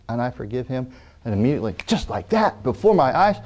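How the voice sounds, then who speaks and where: A middle-aged man preaching a sermon, animated, acting out the people in his stories. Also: fairly quick. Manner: animated, acting out quoted people in raised pitch.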